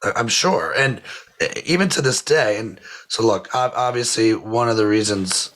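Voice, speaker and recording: A man's voice: on the low side, expressive, normal speed, fairly bright tone. A man hosting a podcast interview, conversational and thinking aloud with restarts. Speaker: podcast host.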